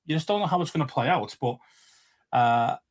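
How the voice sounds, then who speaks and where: A man's voice: a little high, expressive, a little fast. A man with a Liverpool Scouse accent, co-hosting a casual sports podcast, rambling and swearing freely with many fillers. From England. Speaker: podcast co-host.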